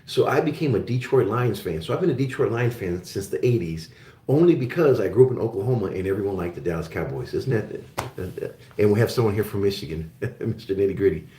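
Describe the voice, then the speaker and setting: A low-pitched man from Germany hosts a casual live chat with his viewers. He rambles in a friendly way and restarts his sentences often. His voice rings in a roomy, echoey space. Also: animated, fast, warm tone. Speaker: show host.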